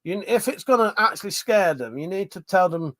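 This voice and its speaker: A man's voice: high-pitched, animated, a little fast, a bit bright. A man hosting a casual livestream, chatting loosely and reading viewers' comments aloud, rambling and swearing freely with many fillers and restarts. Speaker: livestream host.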